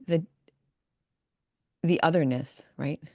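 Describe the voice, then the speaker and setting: A woman's voice: deep voice, slow, a little mellow, no echo, clean studio sound. A woman hosting a podcast, agreeing and thinking aloud with her guest. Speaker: podcast host. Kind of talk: casual interview.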